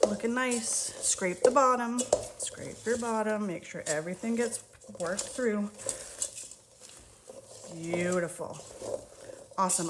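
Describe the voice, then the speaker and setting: Woman baking cookies at home and talking you through it, friendly and reassuring, mid-pitched, lots of bowl and spoon clatter behind. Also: heavy background noise. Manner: chatty, reassuring, talks while working. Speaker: home baker teaching a recipe. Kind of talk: casual real-time cooking tutorial. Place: home kitchen. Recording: kitchen clatter of dishes and utensils.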